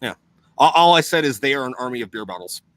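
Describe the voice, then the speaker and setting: A man's voice: mid-range voice, fast, no room sound. A young man chatting casually on a podcast, rambling and swearing constantly as he explains things. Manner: profane, rambling, animated.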